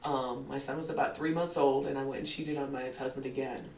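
This guest, a woman in her forties, has a rumbling low voice with vocal fry and talks fast while telling her life story in a candid interview. She laughs often and acts out quotes like an animated storyteller, recorded on a distant mic in a roomy space with faint ambience.

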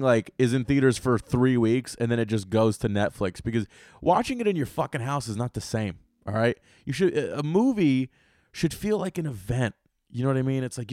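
Young male solo podcaster, profane and animated, mid-range voice, dry and close-miked. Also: medium pitch, dry recording. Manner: profane, animated, swings from loud outbursts to muttering. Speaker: podcast host.

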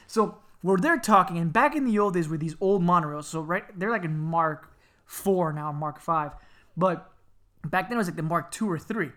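A man from Miami telling a family story in casual chat, animated and laughing, slipping into squeaky voices to act people out. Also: moderate pace.

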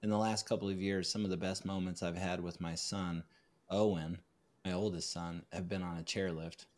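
Easygoing lower-voiced man hosting. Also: little pitch movement, moderate pace, a little mellow. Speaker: podcast host. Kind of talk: casual chat.

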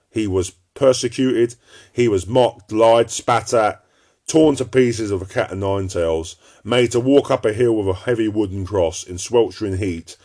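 A man preaching informally to his viewers, blunt and scolding, swinging between loud warnings and low, intense tones.

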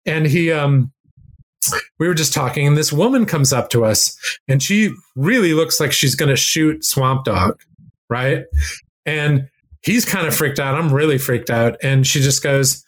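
Guy telling a story about music, kinda high voice, does the voices of people in it. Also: moderate pace. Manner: animated, acts out quotes with rambling restarts. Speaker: guest music expert. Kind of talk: casual storytelling.

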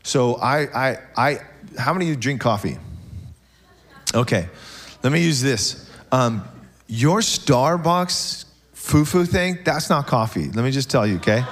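Man, pastor, church sermon, animated, humorous, checks in with the crowd. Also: medium pitch, measured pace, long pauses. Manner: animated, joking with the congregation, frequent "okay?".

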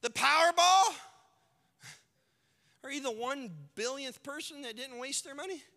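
A man's voice: very high voice, measured pace, bright, forceful tone, in a large hall. A man preaching a sermon as pastor, telling a parable with dramatic storytelling and acted-out voices.

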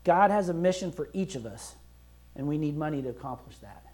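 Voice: mid-range voice, lively intonation, a little fast, a little mellow. A pastor preaching a sermon in a conversational, emphatic way, acting out prayers and quotes as he goes. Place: church.

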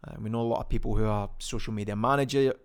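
Gravelly Scottish man chatting casually. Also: on the low side, steady tone, racing. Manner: chatty and rambling, lots of ums and self-corrections. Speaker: podcast host. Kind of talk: casual solo podcast chat.

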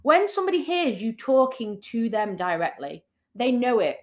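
Earnest, higher-voiced woman podcast co-host. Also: very animated, moderate pace. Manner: earnest and encouraging, repeats points for emphasis. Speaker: podcast co-host, business coach. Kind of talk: casual podcast chat.

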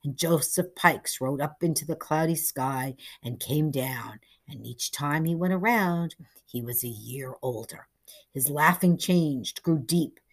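A woman reading a short story aloud in a measured, hushed storytelling manner. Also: low-pitched. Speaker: narrator.

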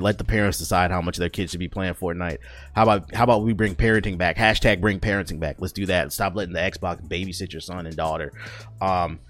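A man's voice: deep voice, fairly bright tone, no room sound. A man hosting his own podcast, rambling and joking in a casual, profane rant. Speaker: podcast host.

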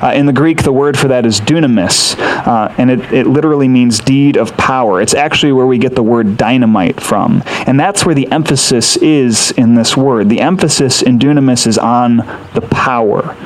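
A man's voice: mid-range voice, normal speed, few pauses, a little hiss or hum, rough recording. Earnest male preacher explaining scripture. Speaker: pastor. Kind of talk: sermon.

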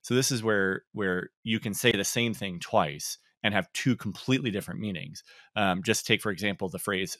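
A man co-hosting a podcast in casual chat, relaxed and reflective, with frequent ums and laughs. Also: fairly low pitch, a little fast, no echo, studio quality. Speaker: podcast co-host.

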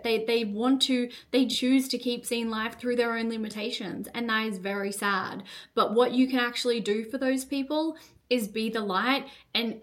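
A young woman hosts a solo coaching podcast with a fiery, unfiltered delivery. Her voice sits a little high. She swears freely and strings her sentences together with "like". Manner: fiery, swears often, fast fillers with "like". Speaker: podcast host and business coach. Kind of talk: solo motivational podcast monologue.

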